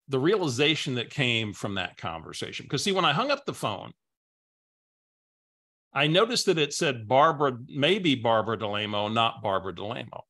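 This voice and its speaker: A man's voice: medium pitch, sharp tone. A man coaching through a webinar, telling a story in a conversational way and often repeating words as he goes. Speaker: business coach.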